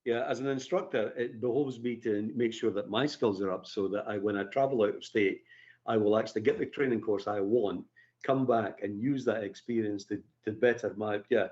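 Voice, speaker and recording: Man, British english, husky voice, rambling chatty guest, dull lo-fi audio. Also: fairly low pitch, moderate pace, darkish tone. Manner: chatty, rambling, laughs easily. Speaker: firearms instructor, guest. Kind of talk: casual live podcast chat.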